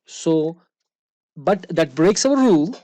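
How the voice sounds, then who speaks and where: A woman's voice: sits low, expressive, takes it slowly, warm tone, no echo. A woman teaching a one-on-one recitation lesson, explaining rules patiently and checking understanding with frequent questions.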